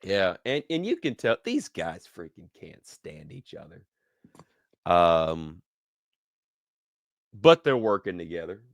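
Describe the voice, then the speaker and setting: A man hosting a casual wrestling review, telling the story with animated energy, acting out lines, laughing often and restarting his sentences. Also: sits low, slow, long pauses, no echo, clean studio sound. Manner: repeats words and restarts mid-sentence.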